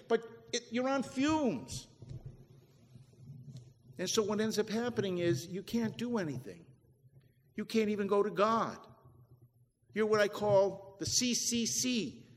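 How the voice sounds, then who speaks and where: A man's voice: sits high, animated, moderate pace. A man preaching a sermon, swelling and dropping his voice for emphasis as he quotes scripture. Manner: preaching with rising and falling emphasis, quoting scripture. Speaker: pastor. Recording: echoey hall with long reverb.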